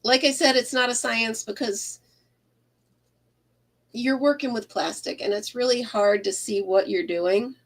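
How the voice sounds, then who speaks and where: A woman's voice: fairly high pitch, unhurried. A woman chatting casually on a home crochet livestream, rambling, laughing often and greeting viewers by name. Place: craft room at home.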